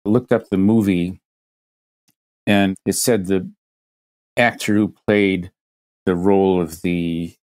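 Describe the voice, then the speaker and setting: A man with a fairly low voice talks through an idea on a podcast. He builds long hypothetical examples and often restarts his phrases as he thinks aloud. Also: steady tone, slow, long pauses, a little mellow. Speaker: guest expert. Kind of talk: conversational podcast explanation.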